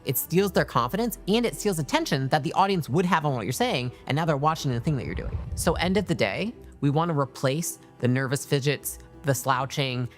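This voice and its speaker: A woman giving direct, emphatic leadership advice in a motivational talk, acting out examples as she goes. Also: sits low.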